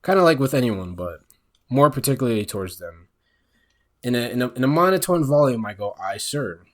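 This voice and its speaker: A young man telling a casual, profane story straight to his audience on his own microphone at home late at night. He keeps it low and relaxed and keeps checking in with "all right?". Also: fairly quick. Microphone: own microphone, speaking quietly late at night.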